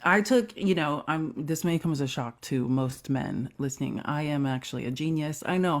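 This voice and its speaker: A woman's voice: low-pitched, moderate pace, hardly any pauses. A young adult woman co-hosting a comedy podcast, telling a rambling story full of sarcastic asides. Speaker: podcast co-host. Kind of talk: casual comedic chat.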